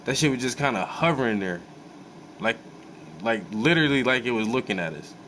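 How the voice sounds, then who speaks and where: Man, AAVE, casual profane storyteller, mid pitch, faint air-conditioner hum behind. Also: brisk, poor audio. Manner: animated, profane, laid-back storytelling with many fillers. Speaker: host.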